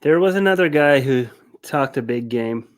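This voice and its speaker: A man co-hosting a casual sports recap, talking in a lively, animated way. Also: mid-range voice, normal speed. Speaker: co-host.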